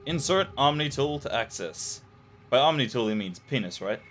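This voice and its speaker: A man's voice: medium pitch, lively intonation, normal speed, a bit bright, soft background music. A young man giving gameplay commentary on a horror game, joking and swearing with jumpy reactions. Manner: jokey, profane, jumpy reactions. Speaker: gamer playing a horror game.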